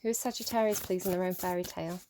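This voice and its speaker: A woman's voice: on the low side, fairly even intonation, racing, background noise. A woman giving a casual tarot reading to camera at home, rambling and chatty with lots of fillers and small laughs. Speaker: tarot reader.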